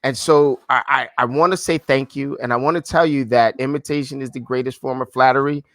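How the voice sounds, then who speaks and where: Fairly quick and steady, with a bright mid-range voice, a man hosts a casual interview podcast, gushing loosely, repeating words, and addressing his guest as "man" and "brother." The sound is dry.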